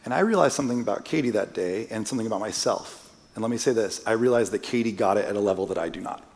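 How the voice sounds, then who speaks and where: Male guest preacher, somewhat low voice, conversational storytelling, joking asides, long church-hall reverb. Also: racing, a little mellow. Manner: casual, self-deprecating joking asides. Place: church sanctuary.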